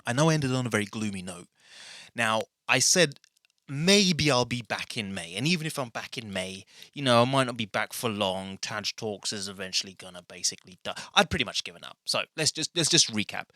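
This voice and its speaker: A man's voice: medium pitch, expressive, fairly quick, sharp tone, no room sound. A man hosting his own podcast from a small bedroom studio, rambling and self-mocking in a casual chat to the camera. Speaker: podcast host. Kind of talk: casual solo podcast intro.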